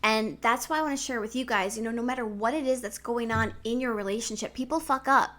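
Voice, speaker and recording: Bright, forceful woman relationship coach. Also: a little high, fast talker. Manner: candid, frank, swears freely. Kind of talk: direct-to-camera advice vlog.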